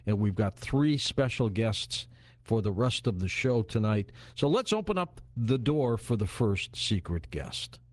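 A man hosting a late-night radio talk show, chatty and relaxed, with lots of filler words. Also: lowish voice, a little slow, slight background noise. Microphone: studio microphone.

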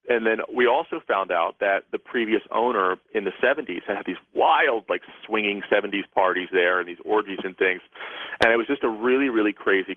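A man's voice: lowish voice, no room sound. A man, a guest author and psychic, telling a rambling story with many restarts during a radio interview. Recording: tinny phone line.

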